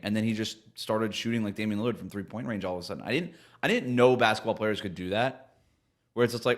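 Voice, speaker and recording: A man's voice: on the low side, fast. A man co-hosting a sports podcast, talking through team stats in a casual, analytical way and laughing easily. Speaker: podcast co-host.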